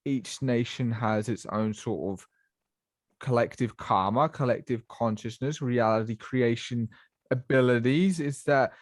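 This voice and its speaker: A man's voice: mid-range voice, a little slow, no echo, clean studio sound. A man hosting a podcast, asking thoughtful, musing questions in casual chat. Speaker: podcast host.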